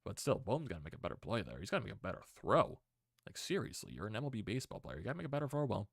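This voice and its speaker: Hyped up guy recapping a ball game on his stream, low gravelly voice, dry close sound. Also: fast talker, no echo. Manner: excitable, repetitive exclamations. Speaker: sports stream host. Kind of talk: casual sports recap stream.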